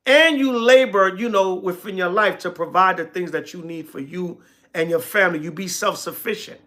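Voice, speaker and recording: A New man with a high, bright, ringing voice, preaching from scripture on a livestream. He reads the verses in a slow, deliberate cadence. Between readings he talks straight back to his chat in blunt, repetitive bursts. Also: fairly even intonation. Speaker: elder teaching scripture on a livestream. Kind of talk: sermon mixed with casual replies to live chat.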